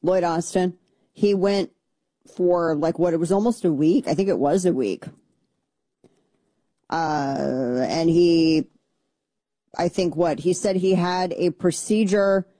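A woman's voice: fairly low pitch, takes it slowly, pauses often, mellow, no room sound. Blunt, combative woman radio host. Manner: blunt, combative, sarcastic, mocking mimicry of opponents. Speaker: radio talk show host. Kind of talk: opinionated political talk radio.

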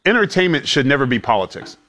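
A man's voice: mid-range voice, big pitch swings, quick pace, fairly bright tone. A man hosting a talk show, reading out stories and teasing his panel with wry jokes. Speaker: host.

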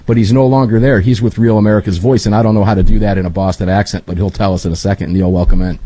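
A man hosting a talk radio show from his studio, energetic and chummy. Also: on the low side, fast, hardly any pauses, breathy edge, no room sound. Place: home studio.

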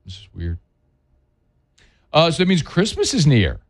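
A man's voice: a little high, wildly swooping pitch, measured pace, breathy edge. A man hosting a casual sports radio show, opinionated and wisecracking, rambling between topics and reading sponsor spots.

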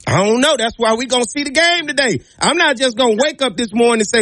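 A man's voice: very high-pitched, expressive, fast, sharp tone, slight background noise. A man hosting a call-in sports radio show, teasing and bantering with callers. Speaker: radio show host taking calls. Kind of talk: casual call-in sports talk.

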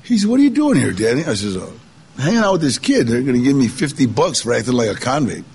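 A man's voice: medium pitch, big pitch swings, quick pace, creaky, darkish tone, breathy edge. An older man telling his life story in a casual, conversational way, acting out the voices of people he quotes. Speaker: guest storyteller. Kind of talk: personal storytelling.

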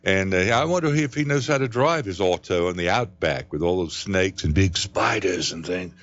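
A man's voice: sits low, lively intonation, moderate pace, a bit bright. A man, a radio DJ chatting casually and folksily between songs, rambling and joking. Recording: slightly muffled broadcast audio.

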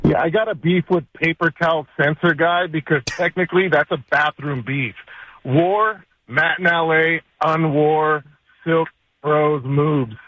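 A man calling in to a radio show with a fairly high voice. He makes his point quickly and matter-of-factly, dry and muffled over a lo-fi line. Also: steady tone, no room sound. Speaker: caller. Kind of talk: phoned-in complaint to a radio show. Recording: dull lo-fi phone line.

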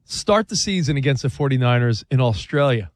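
A man co-hosting a sports talk show, talking through a team's schedule in an animated, rambling way with many restarts and self-corrections. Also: mid-range voice, brisk, dry recording, clean studio sound. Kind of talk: casual sports debate.

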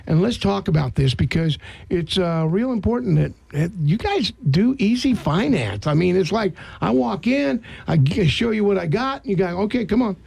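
A man's voice: high voice, moderate pace, gravelly, husky. A man hosting a casual, jokey radio chat. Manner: excitable, jokey. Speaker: radio host.

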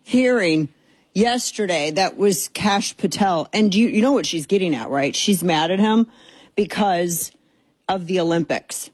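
Husky, sarcastic woman radio host. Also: fairly low pitch, a little slow, a little mellow, no room sound. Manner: sarcastic, exasperated, rambling with fillers. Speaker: radio talk show host. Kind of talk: casual opinionated radio talk. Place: radio studio. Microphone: studio microphone.

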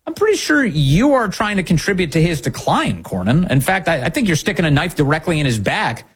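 A man delivers political commentary with a husky edge and a voice that swings up and down. He is sarcastic and emphatic, and he keeps hammering his points with rhetorical questions. His pitch sits a bit high for a man. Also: very animated, fairly quick.

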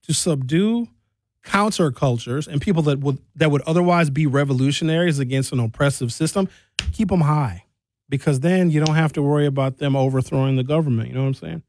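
A man giving an animated, emphatic commentary monologue with big jumps in emphasis. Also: brisk, no room sound. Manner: animated, emphatic, jumping pitch.

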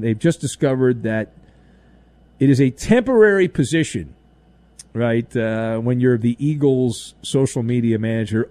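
A man's voice: medium pitch, measured pace, mellow, no room sound. A man hosting a sports talk radio show, ranting sarcastically and mocking voices as he goes. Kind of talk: opinionated sports talk monologue.

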